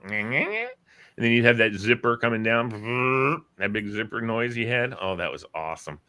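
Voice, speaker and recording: A show host chats casually, animatedly retelling old radio bits and performing the different voices. His voice is medium-pitched and creaky, and he speaks at a measured pace.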